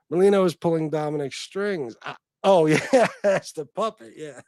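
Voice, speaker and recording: A man with a notably high voice hosts a casual livestream. He reacts with profane, exasperated disbelief. The sound is dry, with no room echo. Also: normal speed, darkish tone. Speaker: livestream host.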